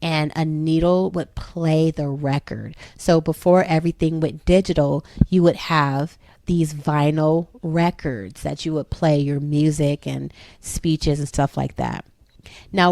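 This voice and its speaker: A woman's voice: sits low, fairly even intonation, measured pace, creaky, warm tone, dry recording, studio quality. A woman in her thirties, a homeschooling mother, patiently explaining a phonics lesson to her children step by step.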